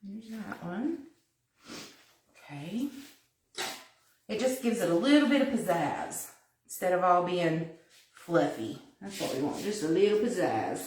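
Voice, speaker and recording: Woman hosting a live craft demo, giggly and chatty, lively pitch, roomy kitchen echo. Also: unhurried, pauses often, slight background noise. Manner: chatty, giggly, thinking aloud while working. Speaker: craft tutorial host. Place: her kitchen, indoors. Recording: echoey kitchen, mic at a distance.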